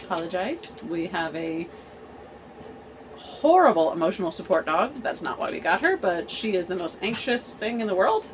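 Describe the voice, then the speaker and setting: A woman in her forties hosting a candid personal vlog, talking earnestly and haltingly with many fillers and restarts. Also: fairly low pitch, sing-song, noisy background. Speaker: host.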